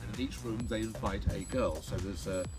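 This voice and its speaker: A man's voice: on the low side, brisk, music in the background. A man, a magician, talking through card tricks in a chatty, playful way, counting cards aloud as he goes. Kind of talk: patter while performing card tricks.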